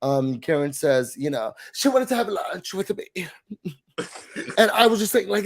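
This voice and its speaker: Brief: high-pitched male co-host, nasal from a cold, animated recap chatter with acted-out quotes. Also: unhurried. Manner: animated, acts out quotes with big shouts. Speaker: podcast co-host. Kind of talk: casual recap chat.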